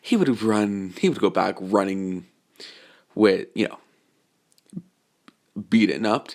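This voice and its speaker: A man's voice: lowish voice, slow pace. A man casually telling a fan-fiction story, rambling and correcting himself with lots of fillers.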